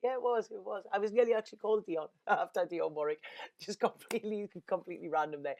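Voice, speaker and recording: A woman's voice: mid-range voice, quick pace, vocal fry, darkish tone, lo-fi sound. A woman, a tarot reader talking in an earnest, rambling, emotional way and often repeating her words. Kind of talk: casual spiritual monologue.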